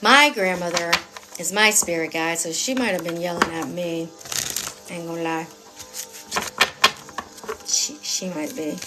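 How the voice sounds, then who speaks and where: A woman's voice: lowish voice, fairly even intonation, a little slow, pauses often, very noisy. A woman giving a live-streamed tarot reading in a casual, sassy way. She swears often and repeats phrases for emphasis as she talks straight to her viewers. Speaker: tarot reader.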